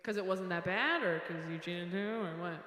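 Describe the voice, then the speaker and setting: A woman performing a stand-up comedy set in a theater, animated, breaking into shouted character bits. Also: on the low side, brisk. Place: theater stage before an audience. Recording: echoey hall with long reverb.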